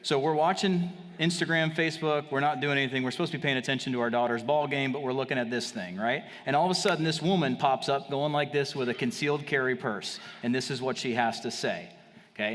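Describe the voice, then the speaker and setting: A man's voice: fairly bright tone, in a large hall. A man giving a confident, salesy marketing talk on stage at a live event. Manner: fast, salesy, confident pitching. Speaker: marketing speaker.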